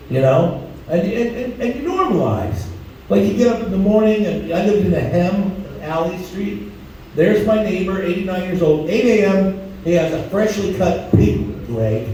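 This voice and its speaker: A man's voice: high voice, warm tone, a little hiss or hum. A male stand-up comedian telling crude stories on stage and acting out the voices in them, heard from far off in an echoey club. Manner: crude, storytelling, acts out voices.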